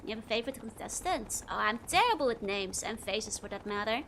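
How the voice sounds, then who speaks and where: A young woman streamer with a Dutch accent, talking casually over a game and answering her viewers. She giggles often, and her voice sits a bit high. Faint noise hums underneath. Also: lively intonation, a little fast, fairly bright tone. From Netherlands. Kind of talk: casual chat while playing a game.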